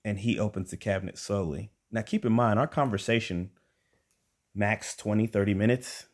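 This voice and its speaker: A deep-voiced young man spinning a comic tale from his own life. He is animated and conversational and talks straight to his listeners. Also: moderate pace. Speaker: storyteller and podcast host. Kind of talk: comic personal storytelling.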